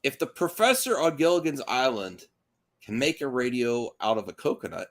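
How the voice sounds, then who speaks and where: A man co-hosting a casual live show, his voice swinging widely in pitch as he reads out listener mail and jokes about it. He talks loosely and playfully, often laughing at his own asides. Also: normal speed. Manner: lively, jokey, reads mail aloud. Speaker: podcast co-host reading listener questions. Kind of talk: casual livestream chat.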